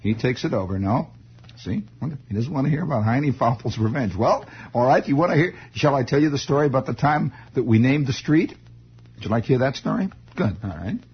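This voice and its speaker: A man's voice: medium pitch, animated, a little fast, breathy edge. A man telling a rambling comic story, full of digressions and teasing asides to the listener. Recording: dull lo-fi recording.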